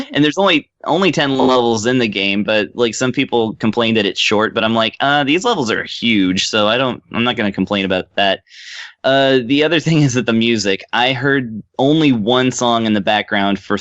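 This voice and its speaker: A man co-hosting a casual podcast, rambling through a game review with plenty of fillers and small laughs. His voice sits at a middling pitch. The sound is dry and a little dull, like a modest home setup. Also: animated, normal speed, a bit bright, no echo. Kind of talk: casual chat.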